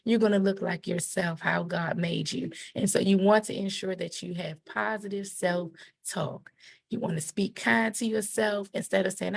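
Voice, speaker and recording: Middle-aged woman educator, warm-hearted coaching delivery, slightly raspy with some vocal fry. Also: medium pitch. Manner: animated, encouraging, acts out quotes. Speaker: educator presenting a puberty book. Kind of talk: teaching talk to parents and kids.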